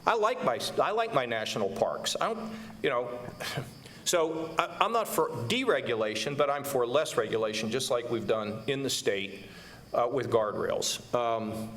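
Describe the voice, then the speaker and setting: A man's voice: medium pitch, animated, moderate pace, a bit bright, a little hiss or hum. A man in his sixties speaking passionately in an onstage conversation, emphatic and stumbling over repeated words. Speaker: governor. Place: stage before a live audience.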